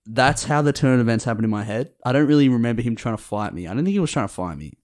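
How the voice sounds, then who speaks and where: A man's voice: mid-range voice, expressive, racing, darkish tone. Laid-back young man. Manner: laid-back storytelling, acts out the people in his anecdotes. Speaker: podcast co-host. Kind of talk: casual chat.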